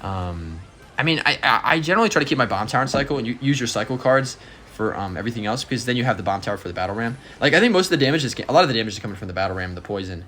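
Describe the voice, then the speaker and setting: A man's voice: mid-range voice, animated, rapid-fire, sharp tone, a little hiss or hum. A man giving casual live commentary and coaching on a game, encouraging and full of ums and restarts. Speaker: gameplay coach.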